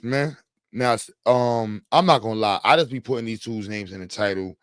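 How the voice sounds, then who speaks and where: A man with a smooth, lowish voice and moderate pace hosts a casual livestream, rambling and joking in slangy chat with his viewers. The audio is clean studio sound without any room noise.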